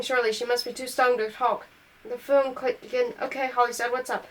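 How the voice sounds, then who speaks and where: Woman reading a novel, fairly high voice. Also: steady tone, brisk, poor audio. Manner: reads on through slips and self-corrections. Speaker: audiobook reader.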